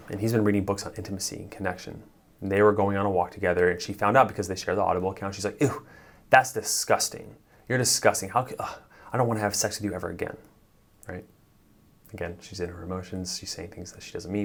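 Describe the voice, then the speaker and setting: A man talks straight to the camera as a relationship coach. His voice is gravelly and sits fairly low, and he speaks emphatically in a conversational way. Now and then he slips into short acted bits of sample dialogue. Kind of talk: direct-to-camera advice talk.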